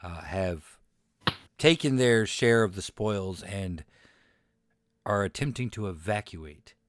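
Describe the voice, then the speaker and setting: A man with a low voice plays a tabletop game, taking it slow and halting on fillers. The sound is dry and close. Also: expressive, no room sound. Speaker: player. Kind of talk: casual tabletop chat.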